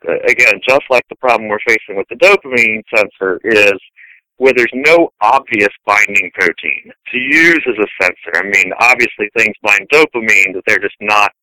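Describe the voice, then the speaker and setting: Middle-aged male scientist guest, low-ish, very bright crisp tone, rambling anecdotal talker. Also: normal speed, dry recording, poor audio. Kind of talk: casual conversational interview.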